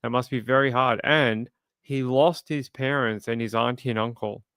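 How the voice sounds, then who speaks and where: A man's voice: mid-range voice, fairly even intonation, normal speed, fairly bright tone, smooth, no room sound, studio quality. A man hosting a true crime livestream, chatting casually and reading viewer comments aloud with sympathy. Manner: conversational, sympathetic, reads chat aloud.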